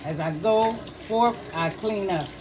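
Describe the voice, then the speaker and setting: A woman's voice: medium pitch, takes it slowly. Woman over 50, chatty cooking vlog, faint kitchen noise behind. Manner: chatty, talks to viewers while cooking. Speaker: cooking vlogger.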